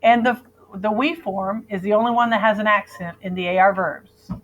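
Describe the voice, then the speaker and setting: A woman's voice: mid-range voice, moderate pace, a bit bright, muffled recording, a little hiss or hum. Patient woman teaching a grammar lesson. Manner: patient, drills students in call and repeat. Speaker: Spanish teacher.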